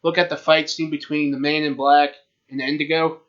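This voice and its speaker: A man's voice: on the high side, flat delivery, moderate pace, a bit bright. A man co-hosting a podcast, chatting casually and retelling a film plot loosely with restarts. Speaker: podcast co-host. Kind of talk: casual chat. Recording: dull lo-fi recording.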